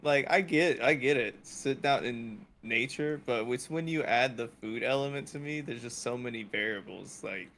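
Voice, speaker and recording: A man's voice: mid-range voice, moderate pace, hardly any pauses, a bit bright. A man co-hosting a casual podcast, talking in a laid-back, musing way. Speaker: podcast co-host. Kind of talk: casual chat.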